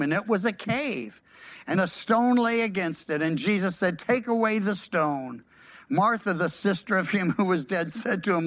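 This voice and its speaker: Preacher mixing scripture with casual asides. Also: medium pitch. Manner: reads scripture aloud, then breaks in with casual asides; lively, slangy commentary. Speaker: pastor. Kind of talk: sermon.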